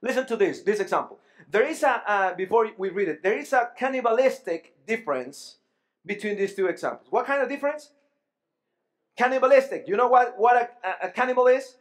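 A male pastor with a high-pitched voice, preaching a lively sermon in a church. He keeps checking in with the congregation and often repeats or restarts his words as he builds his point. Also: brisk. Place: church sanctuary.

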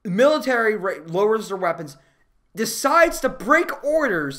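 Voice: medium pitch, moderate pace. Profane, exasperated movie-review ranter. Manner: profane, exasperated, laughs often; animated, rising to loud outbursts. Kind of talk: casual ranting movie review.

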